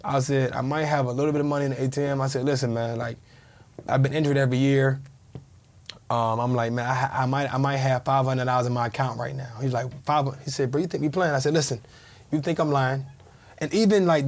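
A man in his thirties tells a story in relaxed conversation, words tumbling out at a brisk pace. He slips into the quoted lines as he goes, voicing the people in it. His voice sits at an ordinary middle pitch. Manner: vivid storyteller who acts out quoted dialogue. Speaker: podcast guest, former pro football player.

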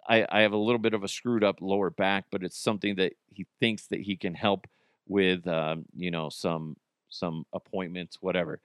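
A thirtysomething American man hosts a casual solo podcast, spinning animated stories full of acted-out quotes. He speaks in a smooth, lowish voice, captured dry at studio quality.

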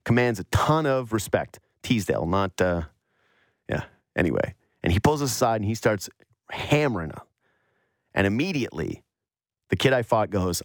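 Animated male sports-radio host. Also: mid-range voice, moderate pace, no echo, clean studio sound. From Yukon, Canada. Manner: animated storyteller, mocks whiny voices. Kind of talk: storytelling monologue.

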